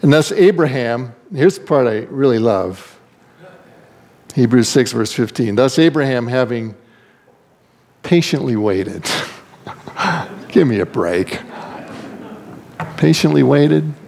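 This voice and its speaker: A male pastor preaching a sermon in a lively storytelling manner, acting out characters with big swings in pitch. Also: unhurried, long pauses.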